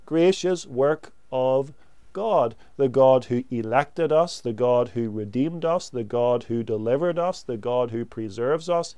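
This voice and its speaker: Slow, emphatic male preacher. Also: on the high side, darkish tone, clean tone, no room sound. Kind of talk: sermon.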